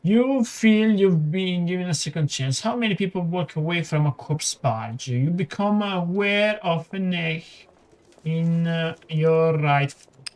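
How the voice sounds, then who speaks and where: Italian let's-play host, halting reader, slightly high voice, drawn-out pace. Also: male voice. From Italy. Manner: reads haltingly with stumbles and muttered asides. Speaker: gaming channel host. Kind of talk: let's play, reading game text aloud.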